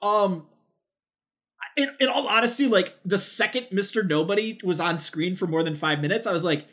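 A man co-hosting a film podcast, chatting casually in an excitable way, swearing freely and stammering. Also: high voice, normal speed. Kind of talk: casual film review chat.

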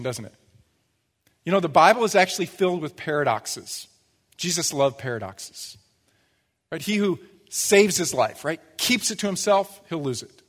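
A man whose voice is on the high side and a bit bright preaches as pastor in a church sanctuary. His sermon is conversational, dotted with rhetorical asides and playful impressions of quoted voices for laughs, and the room leaves a long reverb tail.

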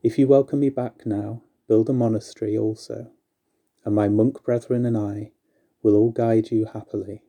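A vengeful, self-righteous monk proclaims his terms in a pompous tone, as a man reading a rhyming story puts him on. The voice is low, dark and flat. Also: normal speed. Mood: proclaiming.

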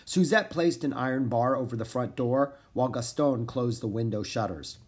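A man's voice: mid-range voice, normal speed, husky. A man reading a children's chapter book aloud as narrator, acting out the characters' lines. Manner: expressive, acts out the characters' lines. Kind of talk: storybook read-aloud.

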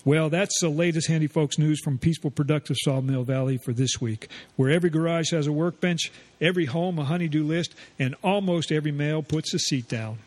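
A man co-hosting a home improvement radio show, who tells local stories in a folksy, measured way. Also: a little high, a little mellow. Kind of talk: radio storytelling and chat.

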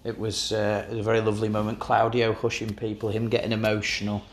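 A man's voice: lowish voice, completely flat delivery, brisk. A man hosting a casual football chat, with dry, teasing banter.

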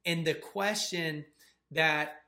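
A man co-hosting a faith channel, telling a story in a casual, animated way with lots of "like" fillers. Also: on the high side, slow pace. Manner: animated, filler-heavy retelling with "like".

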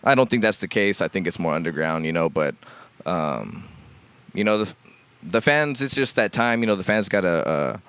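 A man's voice: low voice, lively intonation, moderate pace, fairly bright tone, clean tone. A man chatting casually as a guest musician, rambling with lots of fillers and casual swearing. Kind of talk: casual podcast chat.

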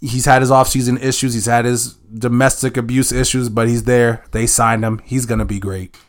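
A man's voice: medium pitch, flat delivery. Easygoing man co-hosting a sports podcast. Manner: easygoing, chatty, quick to laugh. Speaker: podcast co-host. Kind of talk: casual sports podcast chat.

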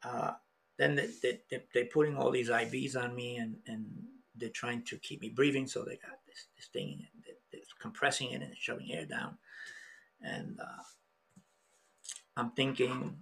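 A middle-aged man telling a personal story in an emotional, halting way, with many restarts. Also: mid-range voice, vocal fry, a bit bright, slightly rough. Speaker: podcast guest.

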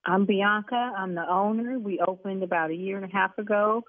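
A woman who owns a salon, arguing brashly on a phone call and getting loud and cursing. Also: mid-range voice, fairly even intonation, a little fast, no room sound. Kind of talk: heated phone argument. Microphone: telephone. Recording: tinny phone line.

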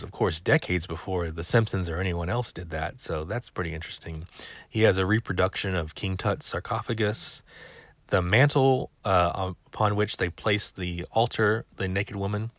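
A man's voice: low voice, fairly bright tone, dry recording. A man hosting a podcast, rambling in a chatty, wry way. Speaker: podcast host. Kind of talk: casual chat.

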